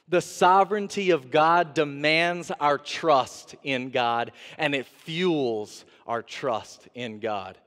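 A man's voice: medium pitch, takes it slowly. Man preaching in a reverberant church. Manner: animated preaching, acts out voices of God and the prophet. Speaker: interim pastor. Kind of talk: sermon. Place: church sanctuary. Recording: long reverb of a church sanctuary.

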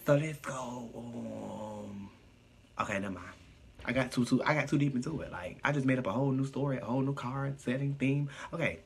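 A man live streaming casual chat, reading viewer comments aloud and answering them in a sassy, profane, animated way. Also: mid-range voice, fairly quick, creaky, a little hiss or hum.

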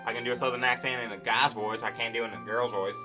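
A man with a mid-range voice and fairly even intonation talks at a quick pace, the poor audio carrying game music underneath. While playing on his gaming channel, he provides casual commentary, grumbling impatiently and swearing often.

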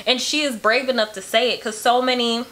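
A woman's voice: on the high side, a little fast. A woman reacting to a song from her bedroom, gushing, emotional and swearing freely. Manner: emotional, gushing, profane, animated. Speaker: music reaction vlogger. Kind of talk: casual reaction commentary.

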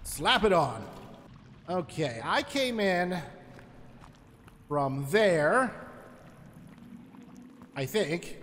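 A man's voice: high voice, very animated, extremely slow, pauses often, fairly bright tone, big-room sound, slight background noise. A man commentating his own survival game playthrough in a chatty, joking way, talking to the enemies as he fights them. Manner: chatty, jokey, talks to enemies. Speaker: gameplay commentator. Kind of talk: let's play commentary.

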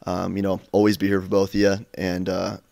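A man's voice: low voice, completely flat delivery, fairly quick, creaky, a little mellow, no echo, studio quality. A man giving a casual, hesitant wedding message to the couple, full of fillers. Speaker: wedding guest.

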